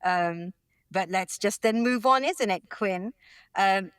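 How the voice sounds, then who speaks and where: A woman co-host on a podcast talks in a casual, chatty way, a little self-conscious and dotted with fillers. Her voice sits at a middle pitch. The recording is dry and close. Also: takes it slowly, fairly bright tone, smooth, no echo.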